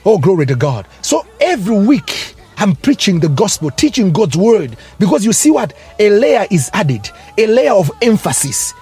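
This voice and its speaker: A man's voice: sits high, sing-song, moderate pace, few pauses, a little mellow, husky, faint music behind. A man preaching a fervent sermon, breaking into tongues and rising exclamations.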